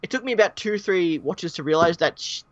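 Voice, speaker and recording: A man's voice: high voice, expressive, fairly quick. A man with an Australian accent hosting a casual fan discussion live stream, rambling and speculative with frequent restarts. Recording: dull, dry lo-fi mic.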